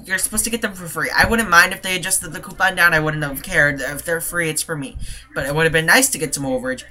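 Brief: male vlogger, exasperated casual rant, sharp bright tone. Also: a little high. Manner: exasperated, rambling, quick to laugh. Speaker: couponing vlogger.

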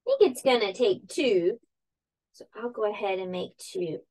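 Woman teacher for a kids' lesson: chatty step-by-step craft talk, animated read-aloud, lively pitch. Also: moderate pace, breathy edge. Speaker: teacher hosting a kids' summer camp channel.

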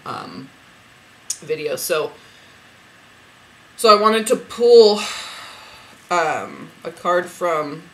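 A woman who reads spiritual cards, chatting to camera as she retells a dream, rambling with lots of fillers and restarts and getting emotional and excited. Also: low voice, slight background noise, low-quality recording. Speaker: spiritual card reader.

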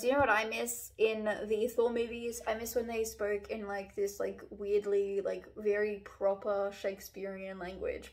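A young woman chatting casually on her own channel about books she is reading, rambling with lots of fillers and restarts. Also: medium pitch. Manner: relaxed, chatty. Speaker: book vlogger. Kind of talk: casual book review chat.

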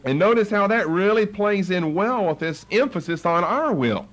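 A man's voice: sits high, expressive, normal speed, fairly bright tone. A man preaching a Bible study sermon as pastor, emphatic, driving points home by repeating key phrases.

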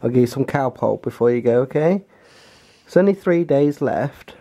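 A man's voice: expressive, moderate pace, muffled recording. A man chatting casually to camera as a family vlogger, rambling in a homely way at home, recorded on a handheld compact camera. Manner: chatty, rambling, homely; softer and lower on asides.

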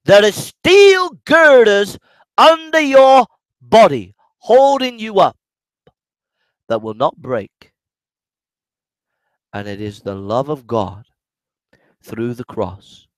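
A high-pitched male preacher delivering a passionate sermon at an unhurried pace. He builds to ringing shouts of joy, then sinks to soft, low phrases. The sound is close and dry, with no room echo. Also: very animated. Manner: fervent, shouting in waves then dropping low. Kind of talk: sermon and prayer.

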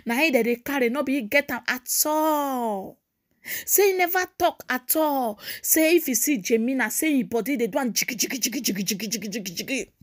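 A high-voiced Nigerian woman running a gossip show. She chats casually and mockingly, breaking into sing-song repeats as she retells the latest scandal. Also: expressive, normal speed. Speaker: gossip channel host. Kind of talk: casual celebrity gossip commentary.

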